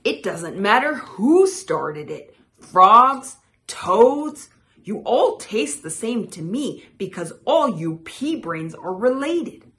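A hungry storybook swamp predator growls out its threats, as a woman reading aloud puts it on. Its voice is slow and bright, and its pitch rises and falls in a lively way. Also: heavily acted. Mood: menacing. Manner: menacing growl.

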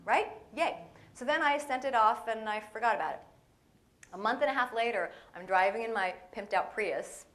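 A woman's voice: on the high side, normal speed. A woman giving a playful, storytelling guest sermon to a church audience, acting out little voices and dialogue as she goes. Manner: animated, playful, acts out voices in stories. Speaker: guest speaker.

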